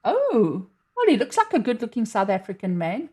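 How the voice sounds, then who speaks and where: A woman's voice: fairly high pitch, wildly swooping pitch, moderate pace, warm tone, husky. A woman hosting a casual live stream, bubbly and blunt, laughing easily.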